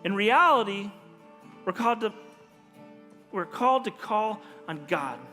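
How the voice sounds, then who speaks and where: Somewhat slow yet animated, this pastor has a high-sitting voice that sounds pushed and bright. He preaches a sermon in a church sanctuary, telling stories and acting out the dialogue, with long hall reverb and faint music in the recording.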